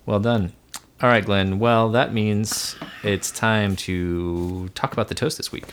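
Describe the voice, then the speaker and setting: A man's voice: fairly low pitch, fairly even intonation, slow, slight background noise. Man telling a rambling story on a podcast. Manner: rambling storyteller, frequent restarts and laughs. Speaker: podcast co-host. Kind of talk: casual podcast chat.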